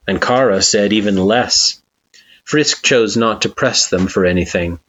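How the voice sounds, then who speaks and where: A man narrating a fan fiction story at a steady, even pace. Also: sits low. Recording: dull lo-fi recording.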